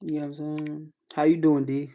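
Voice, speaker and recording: A man's voice: a little high, flat delivery, a little fast, warm tone, a little hiss or hum. A man coaching callers on a live stream, speaking in firm, repetitive phrases. He keeps checking in with his listener and stresses each point with the same catchphrases. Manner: emphatic, repeats "you know what I'm saying". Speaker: live stream host giving advice. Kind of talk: casual coaching talk to callers.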